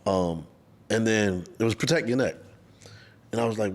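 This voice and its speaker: Deep-voiced host guy chatting casual, jumps in to finish sentences. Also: normal speed, long pauses. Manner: chimes in to finish the guest's sentences, then tells his own stories. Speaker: podcast host. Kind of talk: casual interview chat.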